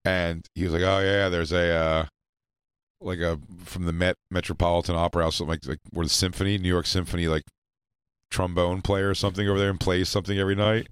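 A man with a very low voice co-hosts a comedy talk show, spinning loose, rambling stories full of jokes. The sound is dry and close, like a studio microphone. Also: level tone, quick pace, smooth, no echo. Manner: rambling, joking storyteller. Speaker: podcast co-host. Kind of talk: casual comedy chat. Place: radio studio.

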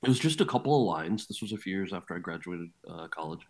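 Low-voiced man telling candid stories. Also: fast talker. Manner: candid, lively, earnest anecdotes. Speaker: actor and author, interview guest. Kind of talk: storytelling interview.

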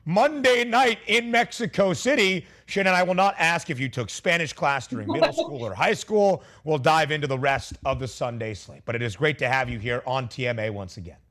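A man hosting a sports betting talk show, leading a lively, playful segment with his guests. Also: on the high side, brisk, hardly any pauses.

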